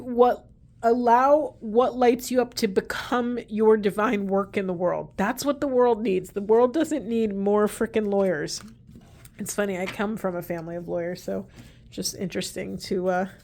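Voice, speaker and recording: A woman's voice: medium pitch, darkish tone. A woman giving a spiritual oracle card reading to camera, chatty and earnest, rambling with many restarts. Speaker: tarot and oracle card reader.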